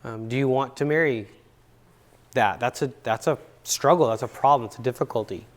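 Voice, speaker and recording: A counselor in his middle years addresses an audience in a university seminar room, delivering a laid-back relationship talk sprinkled with stories. His mid-range voice keeps a moderate pace, and his chatty style includes repeating words for emphasis.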